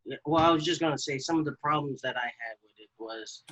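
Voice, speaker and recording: Bright-toned hesitant man. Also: on the high side, fast, low-quality recording. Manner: hesitant, full of "um" and "uh", trails off. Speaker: podcast co-host. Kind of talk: casual film discussion.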